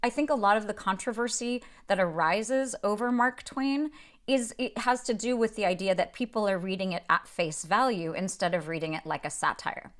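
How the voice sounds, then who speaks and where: A woman's voice: medium pitch, normal speed. A woman hosting a book podcast, explaining a novel in a thoughtful, unscripted way and reading passages aloud. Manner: thoughtful, explanatory, with frequent restarts and fillers. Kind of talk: casual literary talk with read-aloud passages.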